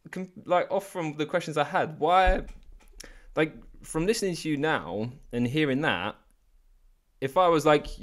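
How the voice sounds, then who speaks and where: A man hosting a podcast interview, chatty and laughing often, often trailing off and restarting his sentences. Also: medium pitch. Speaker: podcast host. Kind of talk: casual interview.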